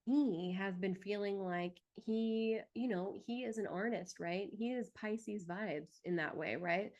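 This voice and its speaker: A woman's voice: mid-range voice, slow pace, darkish tone, highs cut off. A middle-aged woman astrologer in a rambling, casual chat, dropping "right?" and "you know?" between thoughts.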